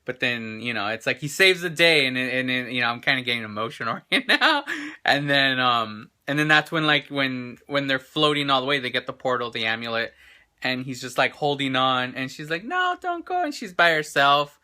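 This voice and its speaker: A man's voice: mid-range voice, expressive, moderate pace, bright, forceful tone. A man in his thirties hosting a casual vlog chat, rambling and enthusiastic with lots of restarts, recorded on a handheld camera in an indoor gallery. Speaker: show host.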